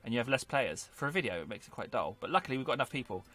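A man's voice: medium pitch, sing-song, very fast, fairly bright tone, no echo. A man hosting a gaming video, giving casual, playful gameplay commentary and joking with himself as he plays. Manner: playful, jokey, talks to himself.

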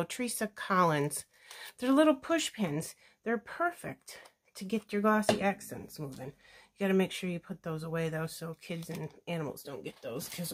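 A woman's voice: lowish voice, background noise. A woman chatting casually through a scrapbooking tutorial, gushing and thinking aloud as she works. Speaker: scrapbooking crafter demonstrating a layout. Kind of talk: casual craft tutorial chat.

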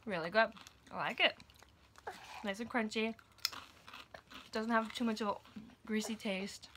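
A woman's voice: a little high, steady tone, measured pace, bright, forceful tone, slight background noise. A woman reviewing snacks in a casual home vlog, chatting to her toddler between comments. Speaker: vlogger.

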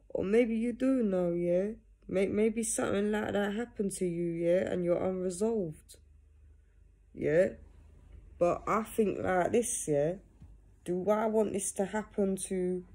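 A woman's voice: medium pitch, slow, pauses often, warm tone. A young woman talking casually to camera from home, earnest and direct, ending nearly every phrase with "yeah?". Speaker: vlogger. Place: at home in pajamas. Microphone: phone or camera.

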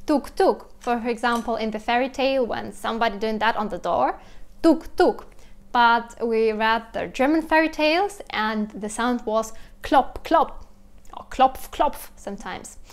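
A young woman with a Russian accent explains sounds in a casual vlog, lively and imitating animal noises as she goes. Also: on the high side, moderate pace, hardly any pauses. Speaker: language teacher vlogger.

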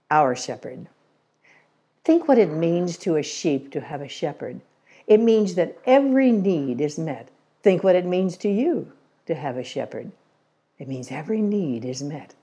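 An older woman giving an inspirational talk on scripture, telling stories with gentle humor in a conversational way. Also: lowish voice. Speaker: Christian Science lecturer. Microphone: remote recording.

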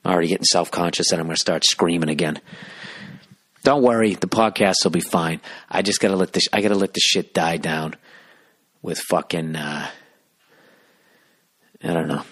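A low-voiced man hosts a solo comedy podcast. He rants sarcastically and swears all the time as he riffs, moving between mock outrage and mumbled asides. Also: normal speed, pauses often, fairly bright tone, slightly rough. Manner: sarcastic, profane, riffing. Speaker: podcast host.

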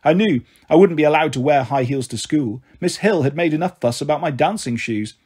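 A man reading a children's novel aloud as narrator, with expressive storytelling. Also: a little high, brisk, few pauses, breathy edge. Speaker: audiobook narrator.

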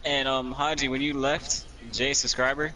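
A man's voice: medium pitch, flat delivery, normal speed, crowd noise, poor audio. A young man chatting casually with friends while gaming, telling stories in a laid-back way. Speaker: gamer.

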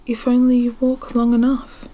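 A woman reading the lines of a sly, grinning male cat in a storybook, softly and half-whispered. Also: fairly high pitch, completely flat delivery, close to an everyday voice. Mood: teasing. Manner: soft, slow, half-whispered.

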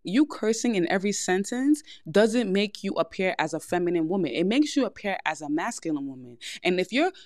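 A woman's voice: mid-range voice, very animated, a little fast, few pauses, a little mellow, no room sound, studio quality. A young woman with a New York accent, hosting a podcast and giving frank, blunt advice in a casual monologue. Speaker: podcast host.

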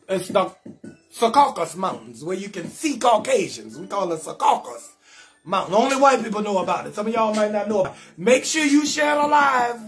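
High-voiced man roasting on a live stream. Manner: loud, sing-song, laughing riffs. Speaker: comedian hosting a live stream show.

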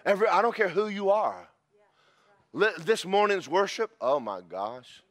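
A man preaching a sermon as pastor, animated and breaking into shouted praise. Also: high-pitched, normal speed.

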